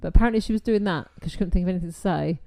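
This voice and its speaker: Woman cohost, low mellow voice, easygoing chat, laughs along. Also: racing, creaky. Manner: easygoing, laughs along, reads facts aloud. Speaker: podcast co-host. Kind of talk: casual chat.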